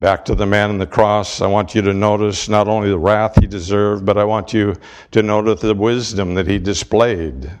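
A man preaching a sermon with emphatic, deliberate delivery and dramatic pauses. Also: fairly low pitch, steady tone.

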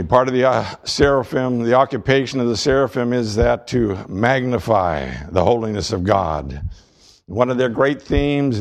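A man preaching a sermon as pastor, reading scripture aloud in a measured way and slowing down on key words. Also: fairly low pitch, darkish tone. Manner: reads scripture and quotes aloud.

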